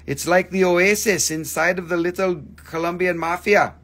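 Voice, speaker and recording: A man's voice: high-pitched, steady tone, normal speed, a bit bright. A man hosting a casual live stream where he sells rocks and crystals, joking, rambling, and swearing freely. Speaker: crystal shop host.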